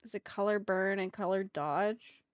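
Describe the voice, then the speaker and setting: A woman's voice: medium pitch, unhurried, no echo, clean studio sound. A woman streamer chatting casually with her viewers while drawing emotes, giggling often and calling out exclamations. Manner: giggly and exclamatory, talks to chat.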